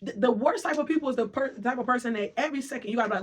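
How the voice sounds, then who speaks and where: A rapid, emphatic motivational monologue. The speaker keeps checking in with the listener through short asides and slips into quick impressions of other people's voices. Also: medium pitch, husky. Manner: emphatic, keeps asking "right?" and "okay?".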